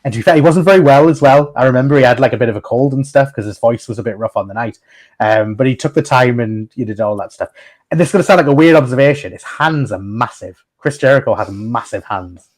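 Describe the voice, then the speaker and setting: This man hosts a laid-back podcast conversation, speaking in a mid-range voice at a quick pace. His stories wander in a chatty way, full of frequent restarts and bursts of laughter.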